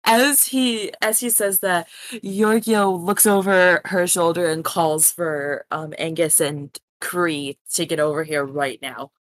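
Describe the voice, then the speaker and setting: A woman's voice: fairly low pitch, steady tone, takes it slowly, no room sound. Hesitant woman playing a tabletop game. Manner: hesitant, filler-heavy. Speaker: player. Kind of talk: casual tabletop play.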